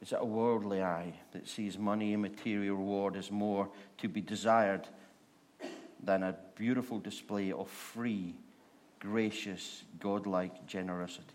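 A man preaching a sermon, repeating rhetorical questions and slowing down to stress words. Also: lowish voice, fairly even intonation.

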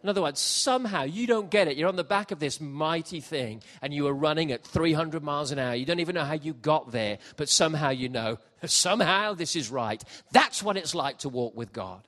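Animated preacher telling comic stories. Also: male voice, fairly high pitch, brisk, hardly any pauses. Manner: animated, jokey, swings from quiet asides to shouting. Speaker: pastor. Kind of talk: sermon with comic storytelling. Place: church hall with congregation.

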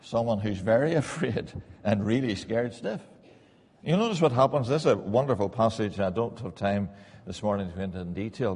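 A man's voice: lowish voice, brisk, a little mellow, long reverb tail. A middle-aged man preaching a sermon in a church, earnest and repeating key lines for emphasis.

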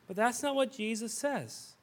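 A man in his thirties preaching a sermon as a pastor, telling a story in an animated, conversational way. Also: very high voice, unhurried.

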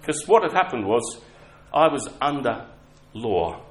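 Animated preacher in an echoey hall. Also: male voice, medium pitch, measured pace. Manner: conversational storytelling, self-mocking humor. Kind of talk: sermon. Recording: echoey hall with faint ambience.

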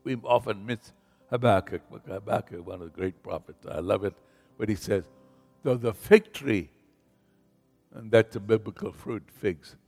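A man preaching a sermon as pastor, slow and emphatic, leading the congregation in call-and-response and rising in volume on scripture. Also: fairly low pitch, creaky, a little mellow. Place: church sanctuary. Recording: reverberant hall with faint music.

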